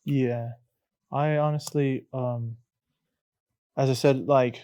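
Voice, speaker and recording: A young adult man co-hosting a faith podcast, speaking sincerely and in a measured way, often pausing to search for his words. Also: mid-range voice, fairly even intonation, mellow. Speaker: podcast co-host. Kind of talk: casual faith podcast chat.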